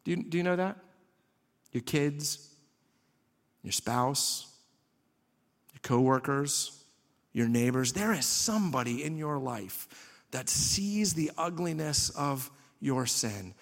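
A man's voice: a little high, fairly bright tone, long reverb tail. A man preaching a sermon as pastor, conversational, with rhetorical questions and dry humor.

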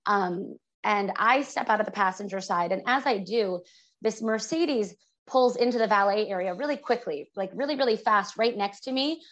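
Animated woman telling a personal story. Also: mid-range voice, normal speed, low-quality recording. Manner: animated, vivid retelling with many fillers. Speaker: podcast guest.

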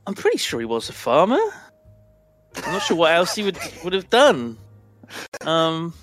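A man's voice: a little high, sing-song, moderate pace, a bit bright. A young man chatting casually on a podcast, rambling and self-mocking. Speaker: podcast co-host. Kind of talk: casual chat.

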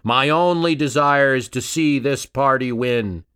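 Guy doing an old orator pleading with a crowd, raised pitch, formal and emphatic. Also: a little slow, a bit bright, clean tone, lightly acted. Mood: declaiming. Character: aging male orator pleading to a rowdy hall.

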